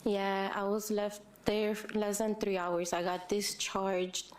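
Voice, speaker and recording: Halting young woman giving testimony. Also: mid-range voice, flat delivery. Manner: halting, many fillers and restarts. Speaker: hearing witness. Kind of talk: public hearing testimony.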